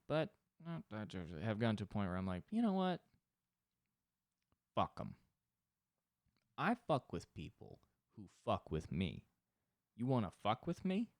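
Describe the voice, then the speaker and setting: A young man talking alone into the mic for his podcast, rambling and swearing as he jokes. His low voice swings widely in pitch. The sound is close and dry, with no room around it. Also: no room sound. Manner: profane, rambling, joking with mock voices. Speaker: solo podcast host. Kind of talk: casual solo podcast rant.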